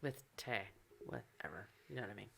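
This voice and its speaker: A woman's voice: a bass voice, expressive, brisk, gravelly, fairly bright tone, slight background noise. Brash, sassy woman podcast co-host. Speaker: podcast co-host reading news. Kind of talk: casual chat.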